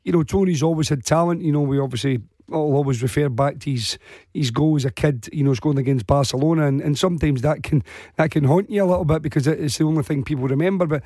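Glaswegian male football pundit, hoarse, raised pitch, dry studio sound, chatty and rambling. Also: fast, warm tone, no room sound. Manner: chatty, rambling, many fillers. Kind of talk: radio phone-in punditry.

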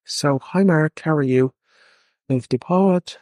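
A man leaving a voice note for a podcast, telling a school story in halting phrases with pauses. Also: fairly high pitch, darkish tone, no echo. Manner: halting, pausing between phrases. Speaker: listener sending a voice note.

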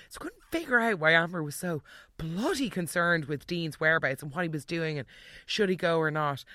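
A chatty recap host talks through the latest soap episodes in a mid-pitched voice. The talk is opinionated and casual, with quick put-on character lines dropped in. The sound is dry and close, with no room around it. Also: animated, sharp tone, no room sound.

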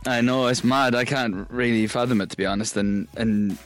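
A young Irish man, a guest singer in a casual radio interview, relaxed and self-deprecating, laughing easily. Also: mid-range voice, normal speed, soft background music. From Ireland.

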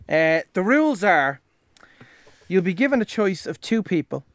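A man's voice: high-pitched, very animated, moderate pace, fairly bright tone, dry recording, clean studio sound. A young Irish man hosting a podcast, chatty and laughing easily. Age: young adult. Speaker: podcast host. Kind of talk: casual chat.

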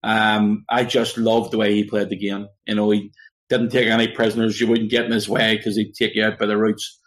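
A man's voice: fairly low pitch, level tone, a little fast. A man, co-hosting a casual sports podcast and telling anecdotes with frequent fillers. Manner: storytelling, chatty, with filler words. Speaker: podcast co-host. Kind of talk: casual chat.

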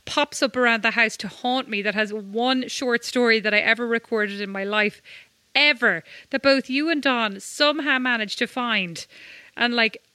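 A woman's voice: a little high, moderate pace, sharp tone, no room sound. An Irish woman co-hosting a podcast, chatting casually and telling rambling, self-mocking stories. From Ireland. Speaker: podcast co-host. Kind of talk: casual chat.

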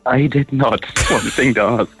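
A man's voice: mid-range voice, measured pace, a bit bright, slightly rough, dry recording, rough recording. A Dutch man chats with a radio host over a call, friendly and agreeable. He often repeats words as he talks. Faint music sits behind his voice. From Netherlands. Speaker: caller. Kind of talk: casual phone-in chat.

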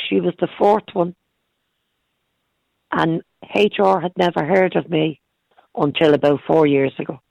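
A hoarse middle-aged woman calling in to a radio show, talking in halting, earnest bursts that repeat words. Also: lowish voice, a little mellow, dry recording, muffled recording. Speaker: caller. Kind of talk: phone-in radio call.

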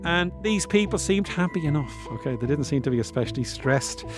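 A man's voice: a little high, lively intonation, brisk, over music. Man hosting a chatty science podcast. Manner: conversational, musing, self-deprecating asides. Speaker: podcast host. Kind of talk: casual science explainer.

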